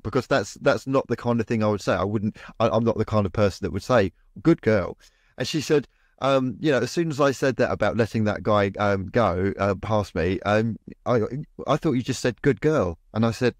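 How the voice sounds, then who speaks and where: A man's voice: on the low side, lively intonation, normal speed, no echo, clean studio sound. A man, co-host and medium, telling a story in a rambling way with many restarts and repeated words. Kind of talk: casual storytelling in a podcast chat.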